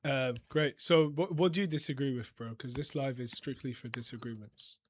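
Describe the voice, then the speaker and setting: A man's voice: mid-range voice, steady tone, normal speed. A man hosting a casual debate livestream, teasing and laughing often, talking over his callers, with an accent that is not American. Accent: non-American. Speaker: livestream host.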